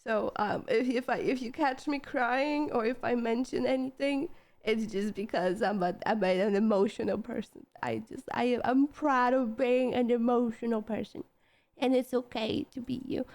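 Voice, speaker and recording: A woman streamer talking to her chat in a casual, emotional way, tearful and halting, often repeating words and restarting. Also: fairly high pitch, a little mellow. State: tearful, voice breaking. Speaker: live streamer.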